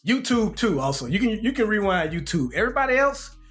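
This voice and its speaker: A man co-hosting a podcast with his brothers, talking in an animated, joking way. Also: high voice, over music. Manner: animated, joking, quick to laugh. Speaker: podcast co-host. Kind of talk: casual chat.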